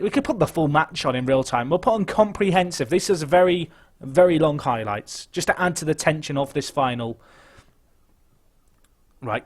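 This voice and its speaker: Young male game streamer; slightly higher voice, chatty live commentary, jumps from anxious mutters to loud outbursts. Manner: chatty, excitable, swings between nervous muttering and shouting.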